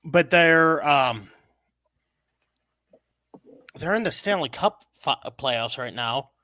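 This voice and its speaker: A man's voice: fairly high pitch, expressive, slow, pushed and bright, no echo. A man from Pittsburgh co-hosting a casual podcast, hesitant with many ums as he lists teams. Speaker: podcast co-host.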